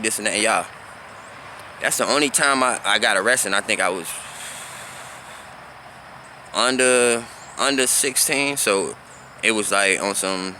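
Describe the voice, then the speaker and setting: A man in his thirties from South Florida talks through his past in a loose, rambling monologue. His voice is low-pitched but very bright and forward. Faint outdoor noise with crickets and passing traffic sits behind him. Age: 30s. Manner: loose and conversational, repeats "you feel me?" often. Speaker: vlogger. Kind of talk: casual storytelling monologue.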